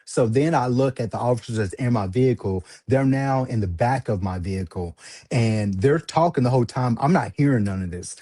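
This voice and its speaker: A husky-voiced man tells a story in a casual, animated way. He laughs often and pitches his voice way up when he quotes people. His voice is close and dry, with no room sound around it. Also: no echo. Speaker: livestream host telling a story.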